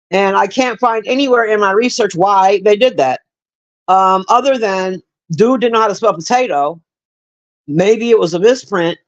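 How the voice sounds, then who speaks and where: The recording is muffled, but a mid-range female voice comes through as she casually rambles about a film during a livestream. Profane and straightforward, she mixes her review with chatter aimed at live viewers.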